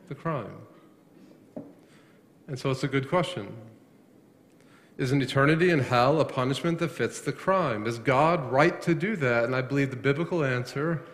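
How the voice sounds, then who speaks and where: Male pastor, mid-pitched, preaching with rhetorical questions and repeated words, in a reverberant sanctuary. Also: a bit bright, a little hiss or hum. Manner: asks questions and answers them himself, repeats words when emphatic. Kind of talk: sermon. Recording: long echo of a large hall.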